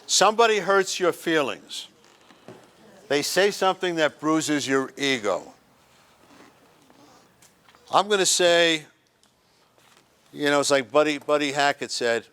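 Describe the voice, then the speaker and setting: A man's voice: on the high side, lively intonation, slow, pauses often, fairly bright tone, clean tone. Joking man leading a group workshop. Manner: joking, acts out little scenes and quotes. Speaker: workshop presenter. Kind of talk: humorous motivational talk to a group. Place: senior center activity room.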